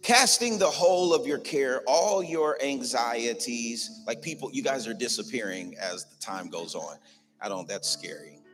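A pastor delivers an impassioned sermon, repeating phrases to hammer each point, in a medium-pitched, animated voice that is a bit bright and a little slow. The recording comes from a church sanctuary, with long large-hall reverb and faint music underneath.

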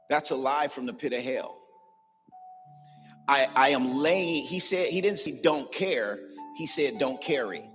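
A man's voice: medium pitch, steady tone, slow, long pauses, fairly bright tone. A man preaching a sermon in a church, passionately driving his points home and repeating phrases for emphasis. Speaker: pastor. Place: church sanctuary. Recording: long reverb in a large hall, faint music behind.

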